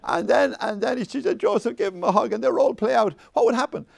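A man leading a faith discussion with an audience, rambling and animated, laughing often and restarting his sentences. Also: very high-pitched, quick pace, vocal fry, no echo, clean studio sound. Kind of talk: informal talk with audience questions.

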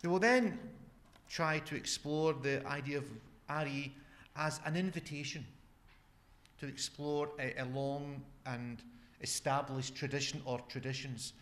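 A Scottish man giving an academic lecture as a guest speaker, measured and repeating words as he restarts. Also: on the high side, fairly even intonation, fairly bright tone. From Scotland.

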